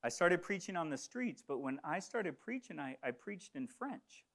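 A man's voice: fairly high pitch, sing-song, moderate pace, a bit bright. A middle-aged man from the Congo preaching a sermon, telling a story earnestly and often restarting his phrases. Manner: earnest, repeats words when starting phrases. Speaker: pastor.

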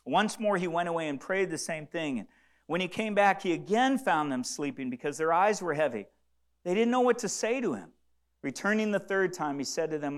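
A man preaching a sermon as a pastor, earnest, repeating phrases and swinging between soft and loud for emphasis. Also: a little high, animated, normal speed.

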